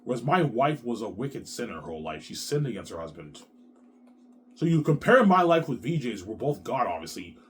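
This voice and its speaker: A man's voice: medium pitch, very animated, a little fast, slight background noise. A man in his thirties talking in an agitated, repetitive rambling monologue, swearing a lot. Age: 30s. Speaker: vlogger.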